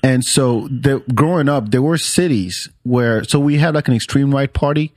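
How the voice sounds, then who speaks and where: Laid-back podcast host, dry close mic. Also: male voice, medium pitch, normal speed, dry recording. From Senegal. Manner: loose, profane banter. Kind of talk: casual podcast chat.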